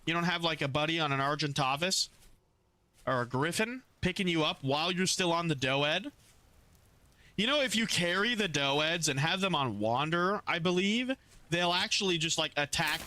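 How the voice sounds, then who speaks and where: Bright-voiced casual male streamer. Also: fairly high pitch. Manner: loose and chatty, swears casually, greets chat by name; soothing coos when calming his pet rats. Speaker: gaming streamer. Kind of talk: casual live-stream chat.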